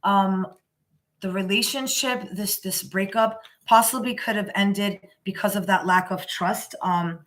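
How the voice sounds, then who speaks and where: Bright-voiced woman doing a tarot reading. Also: medium pitch, unhurried. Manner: rambling, with many restarts and repeated "you know"; emphatic and encouraging. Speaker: tarot reader. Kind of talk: casual live tarot reading.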